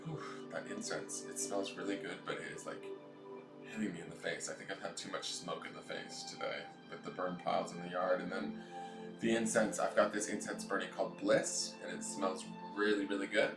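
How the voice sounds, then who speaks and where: A man's voice: low-pitched, steady tone, brisk, roomy sound, music in the background. A man with a nasal voice, hosting a tarot live stream from home and chatting goofily with viewers. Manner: goofy, chatty, reads out viewer comments.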